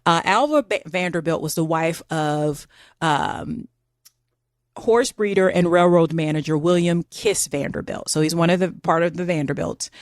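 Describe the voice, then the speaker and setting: Chatty woman telling history, low voice. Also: moderate pace, dry recording, clean studio sound. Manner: chatty, animated, says "girl" and "like". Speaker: podcast co-host telling a history story. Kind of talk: casual storytelling chat.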